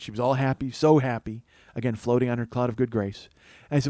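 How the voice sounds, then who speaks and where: A man spins a comic story in a monologue and jumps into other people's voices as he goes. His pitch sits in the middle, and the sound is dry and close, with no room around it. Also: steady tone, fast talker, warm tone, no room sound. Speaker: comedian host.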